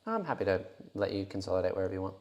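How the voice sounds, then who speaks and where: A man's voice: low voice, sing-song, racing, darkish tone. An easygoing man with an Australian accent, chatting casually while playing a tabletop wargame and reading out viewer comments. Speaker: wargame player. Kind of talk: casual tabletop game banter.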